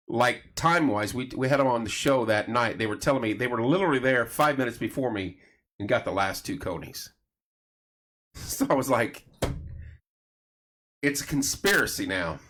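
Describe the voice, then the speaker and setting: A middle-aged man hosting a casual late-night chat show, telling stories and acting out the voices of people he quotes. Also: mid-range voice. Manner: animated storyteller, acts out quoted voices. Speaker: host.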